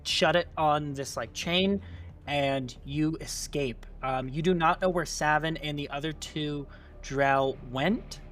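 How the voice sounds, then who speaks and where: A man narrates a tabletop game as game master, in a slightly high voice. His delivery is loose and casual, padded with fillers. Faint music sits underneath. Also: fairly bright tone.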